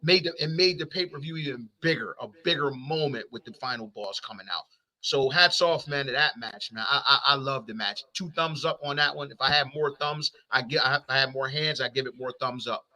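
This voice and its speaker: A man's voice: mid-range voice, brisk, sharp tone. A man co-hosting a wrestling talk show, chatting casually and animatedly, often repeating words as he talks. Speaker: wrestling podcast co-host. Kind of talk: casual barbershop-style chat.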